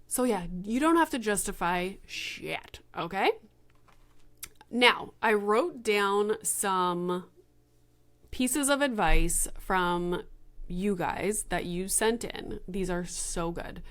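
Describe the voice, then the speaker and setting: A woman's voice: medium pitch, measured pace, fairly bright tone. Young woman, podcast host, casual solo talk, frank, swears, chatty.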